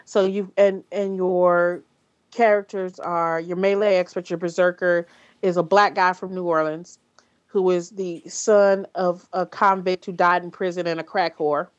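A woman hosts a casual podcast discussion, her voice sitting fairly low. She talks bluntly and swears freely, stumbling through fillers and restarts as she thinks aloud. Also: fairly even intonation, a little slow, dull audio. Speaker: podcast host.

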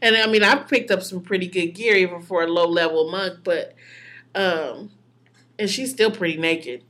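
Rambling woman in relaxed chat. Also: fairly low pitch, normal speed. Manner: relaxed, rambling, many ums. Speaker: podcast co-host. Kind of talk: casual chat.

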